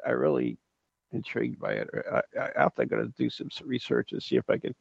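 Radio host, male, very gravelly and husky, lively pitch, stumbles over repeated words, dry lo-fi sound. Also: quick pace, no echo. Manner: repeats his words, speculative. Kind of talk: casual radio talk. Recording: dry, dull lo-fi radio audio.

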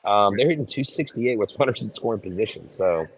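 Chatty, lower-voiced man co-hosting. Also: expressive, fairly quick, a little hiss or hum, rough recording. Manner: chatty, laughs easily. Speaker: podcast co-host. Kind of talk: casual sports chat.

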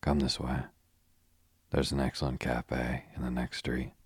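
A man's voice: a bass voice, flat delivery, a little slow, slightly rough, no room sound, full character voice. A man voicing a flippant young adventurer who jokes dryly while guiding a tour. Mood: joking. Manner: flippant, dry joking.

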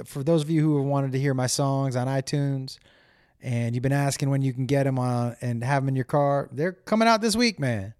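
A man with a slightly high voice rambles through a casual monologue as host, animated and foul-mouthed, slipping into little impressions as he goes. The sound is dry and close, with no room echo. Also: smooth. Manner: animated storyteller, swears freely, acts out voices. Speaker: comedian podcast host.

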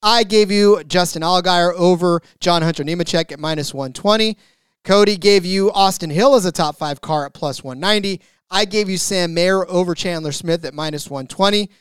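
A man co-hosting a sports betting podcast, excitable as he reads out bet lists, stammering at times. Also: high voice, normal speed, clear, resonant tone, dry recording, clean studio sound. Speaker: podcast co-host. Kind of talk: casual sports betting chat.

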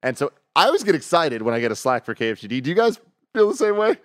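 A man co-hosting a gaming news show in a studio, chatting casually with enthusiastic, excitable energy. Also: fairly high pitch, racing, no room sound. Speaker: co-host.

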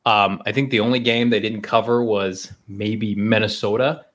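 A man co-hosting a sports podcast. His talk is animated and full of jokes. He laughs easily as he goes. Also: lowish voice, normal speed. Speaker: podcast co-host. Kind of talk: casual sports podcast chat.

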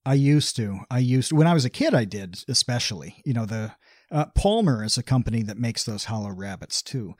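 A man co-hosting a podcast, telling stories in a casual, deadpan, understated way. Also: medium pitch, brisk, no room sound, clean studio sound. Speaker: podcast co-host. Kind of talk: casual chat.

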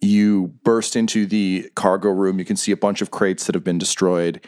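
A man narrating as dungeon master in a tabletop game, describing scenes in a relaxed, matter-of-fact way. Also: low-pitched, normal speed, dry recording, studio quality.

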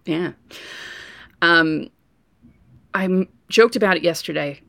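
A woman co-hosting a casual sports podcast, telling stories with lively asides. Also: lowish voice, slow pace, no room sound. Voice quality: voice prone to going hoarse. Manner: chatty storyteller, lively asides. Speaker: podcast co-host.

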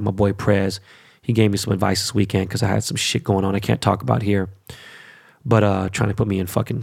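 A man's voice: fairly low pitch, creaky, breathy edge. A man ranting casually to his viewers about crypto and sports teams, rambling, hyped and full of swearing. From Korean descent stated, not origin. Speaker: vlogger. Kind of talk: casual rant to camera.

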